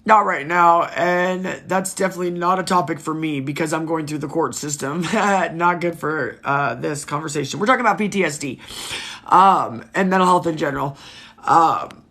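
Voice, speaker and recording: A woman's voice: low voice, normal speed, fairly bright tone. A woman in her thirties hosting a casual livestream, talking frankly and emotionally, swearing freely and greeting viewers by name. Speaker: livestream host.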